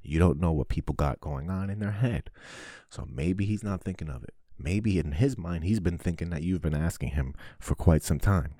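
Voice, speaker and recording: A man hosting a podcast, talking in a blunt, profane, animated monologue. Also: sits low, normal speed, no room sound, clean studio sound. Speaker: podcast host. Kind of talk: casual monologue.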